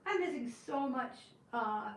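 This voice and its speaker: Chatty high-voiced woman, roomy and distant. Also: measured pace, a little hiss or hum. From northern United States. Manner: chatty, rambling, animated storyteller. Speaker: live-stream crafting host. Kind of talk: casual storytelling to live chat.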